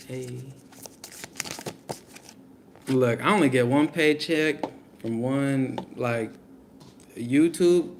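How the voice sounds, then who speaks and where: A man's voice: medium pitch, noisy background. A young man giving a casual live tarot reading, blunt and slangy, talking straight to his viewers. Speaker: tarot reader.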